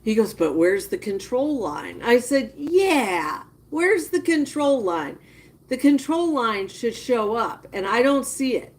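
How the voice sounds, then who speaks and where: A woman giving casual live-stream commentary, chatting with viewers and reacting with drawn-out disgust. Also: high voice, big pitch swings. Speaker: livestreamer.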